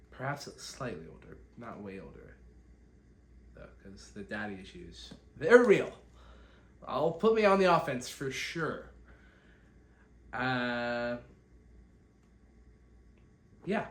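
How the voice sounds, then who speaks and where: A man's voice: medium pitch, fairly bright tone. A young man hosting a solo podcast, rambling and self-deprecating as he catches viewers up, recorded on a phone. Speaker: podcast host. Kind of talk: solo catch-up vlog talk. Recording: echoey room, faint background hiss.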